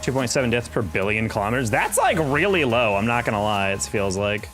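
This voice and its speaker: A man's voice: mid-range voice, sing-song, a little fast, fairly bright tone, soft background music. A young man chatting casually on a live game stream, rambling and reacting to chat while he plays.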